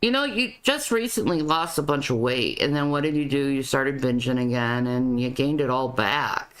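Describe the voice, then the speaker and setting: A woman's voice: a bass voice, normal speed. A woman commenting on a video clip, often stammering and repeating her words. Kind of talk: reaction commentary.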